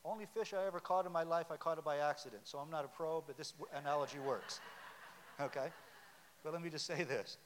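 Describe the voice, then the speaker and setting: Man, pastor, high-pitched, conversational sermon, long church reverb, light hiss. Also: fast. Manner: conversational preaching, quizzing the congregation. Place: church sanctuary.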